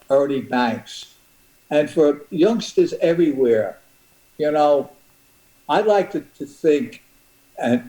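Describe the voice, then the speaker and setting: An older male interview guest who talks earnestly and haltingly, circling back on his words. His tone is dark and mellow, and a roomy echo hangs around the recording. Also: fairly high pitch. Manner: halting, earnest, many restarts. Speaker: guest, boxing manager. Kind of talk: reflective interview talk.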